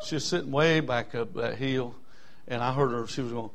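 A man, telling a story in a sermon in a folksy, animated way, with bursts of whooping. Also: mid-range voice, normal speed, slight background noise. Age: 60s.

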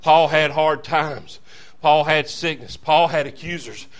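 A man's voice: on the high side, a little slow. A man preaching a fervent, folksy revival sermon as a visiting preacher, calling out to the congregation.

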